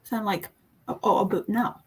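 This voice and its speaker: A woman's voice: medium pitch, fairly even intonation, normal speed, husky. A young woman co-hosting a reading livestream, chatting playfully and testing how she pronounces words. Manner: playful, testing her own pronunciation aloud. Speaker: booktube co-host. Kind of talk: casual chat on a reading livestream.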